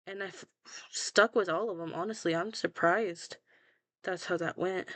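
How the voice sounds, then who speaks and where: A woman's voice: lowish voice, steady tone, normal speed, fairly bright tone, no echo. A young woman chatting casually about her own fan fiction, blunt and self-mocking, swearing freely and laughing at herself. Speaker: fanfiction writer scrolling her own archive.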